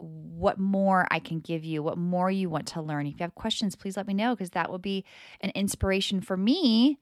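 A woman in her thirties hosting a spiritual self-help podcast, talking candidly and with a lot of swearing, acting out her own past words in lively voices. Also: on the low side, moderate pace, dry recording, studio quality. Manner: candid, profane and animated, quoting herself in lively voices. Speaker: podcast host.

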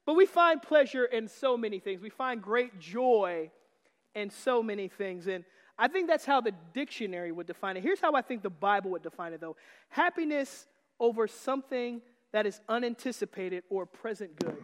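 High-voiced preacher man in a reverberant hall. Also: animated, moderate pace. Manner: joking and teasing, rising to shouts. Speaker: pastor. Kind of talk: sermon. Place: church sanctuary.

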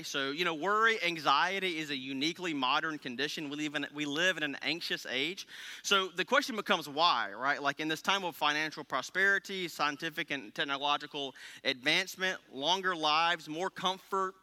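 A man's voice: a little high, sharp tone. A man preaching a conversational sermon, telling stories and checking in with the congregation. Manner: casual, storytelling, frequent "okay?" asides. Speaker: pastor. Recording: long reverb of a large hall.

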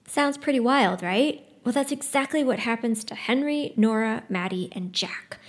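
Woman giving a lively book talk. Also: a little high, normal speed. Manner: conversational, lively storyteller's delivery. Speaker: book presenter. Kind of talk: book talk with a read-aloud excerpt.

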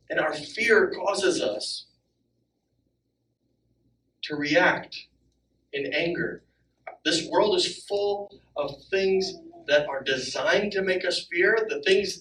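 A man in his thirties preaches in a church, his voice high and bright against the other men. He sounds a little distant in an echoey sanctuary. He gets animated and acts out each quote. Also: measured pace, a little hiss or hum. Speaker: pastor. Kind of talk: sermon.

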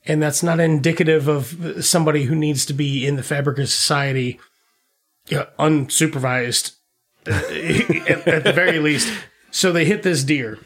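Here a podcast co-host, a self-described dad, talks his way through a film's storyline in a profane, meandering, laugh-filled chat. His pitch is fairly high yet his tone stays steady, at a moderate pace with a fairly bright sound.

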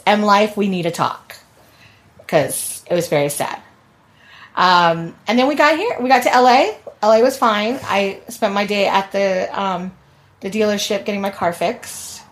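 A young woman, a podcast guest, chatting casually and laughing often as she tells stories. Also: mid-range voice. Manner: laughing storyteller. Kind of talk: casual chat.

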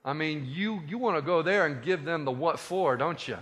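A man preaching a sermon as a pastor, animated and conversational with joking asides, in a hall with long reverb. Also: a little high, normal speed.

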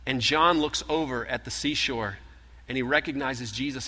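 A man preaching a sermon, retelling scripture in animated storytelling style and acting out the voices. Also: mid-range voice, normal speed. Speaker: pastor. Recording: long hall reverb.

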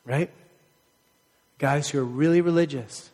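A fairly high-voiced male pastor delivers a lively sermon, joking with the congregation and calling on them to repeat words back. His voice rings through a church sanctuary with a long reverb tail. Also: normal speed. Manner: call-and-response, animated and joking.

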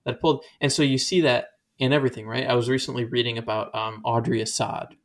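A man's voice: medium pitch, flat delivery, fast. A man talking casually and animatedly about faith, rambling and acting out quoted voices as he goes.

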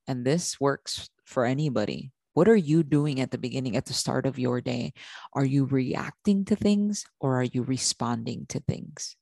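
Woman with a gravelly voice giving a pep talk to moms, dry close sound, keeps saying okay. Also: very deep voice, expressive, normal speed, dark tone, no echo. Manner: repeats herself, says okay often; often stops and restarts sentences. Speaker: podcast host. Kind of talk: motivational talk to mothers.

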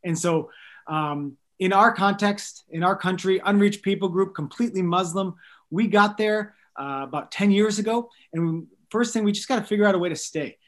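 A man in his thirties, a missionary guest on a podcast, telling stories in an earnest, animated way with light jokes. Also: high-pitched, normal speed. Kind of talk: storytelling in a podcast interview.

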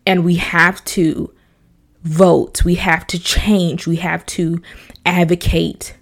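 Young mom talking on her podcast, kinda low voice, earnest and emotional, slips into whispers. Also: little pitch movement, slow pace, creaky. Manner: earnest and emotional, repeats phrases, drops to a whisper at times. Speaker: podcast host, mother. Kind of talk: personal podcast monologue.

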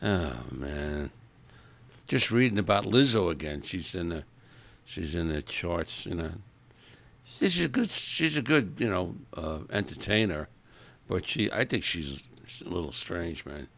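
Man, podcast host, rambling monologue, opinionated, grumbling, gravelly. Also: deep voice, big pitch swings, measured pace, a bit bright.

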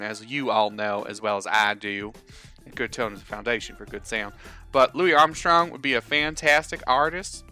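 Band teacher guy hamming up a southern accent at his kitchen table, chatty, smooth tone. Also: lowish voice, bright, forceful tone. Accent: put-on American Southern. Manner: rambling, chatty, folksy. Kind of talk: casual video lesson. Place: at a table at home.

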